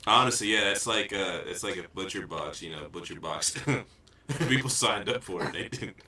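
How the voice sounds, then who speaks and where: A man's voice: deep voice, moderate pace, bright, forceful tone, far from the mic. A man co-hosting a casual podcast chat, laughing often and swearing freely. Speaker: podcast co-host. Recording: echoey room, voice off-mic.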